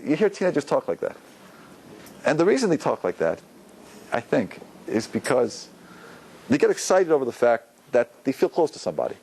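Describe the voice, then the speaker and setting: A rabbi giving an informal, conversational Torah lecture to a class, using many fillers and acting out quoted lines. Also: male voice, medium pitch, sing-song, normal speed, long pauses, a little mellow, slightly rough, poor audio. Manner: conversational, loose with fillers, acts out quotes with a rising voice.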